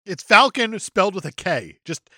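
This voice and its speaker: A man's voice: sits high, no room sound, studio quality. Male podcast co-host, joking movie recap; bouncy, wide-ranging delivery. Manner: animated, jokey, acts out characters in quick bits. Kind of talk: casual movie-review chat.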